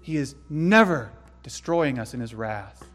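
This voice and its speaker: A man preaching a sermon in an earnest way, dropping to hushed tones and rising to sudden loud emphasis. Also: mid-range voice, lively intonation, a little slow, in a large hall, faint music behind. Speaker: pastor.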